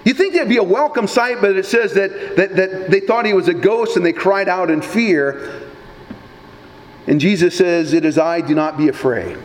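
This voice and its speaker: A pastor preaches a sermon in a folksy, conversational style, tossing in casual asides. His voice is high-pitched and his speed normal. The recording carries a long hall reverb and faint background noise.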